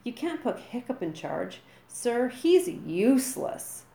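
A woman voicing a Viking boy who groans and whines in drawn-out words. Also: on the high side, very animated, vocal fry, dark tone, roomy sound, voice pushed up, exaggerated voice. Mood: whiny. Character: whiny Viking boy, mocking a classmate.

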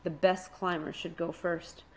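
A commanding young Viking bully barks and sneers at the boys around him in this storybook scene. His voice pushes a little louder and higher than the reader's own, as a woman puts him on. His manner is menacing and full of himself. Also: flat delivery, unhurried, slightly rough. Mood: bossy. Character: bossy bullying Viking boy, loud. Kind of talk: storybook reading.

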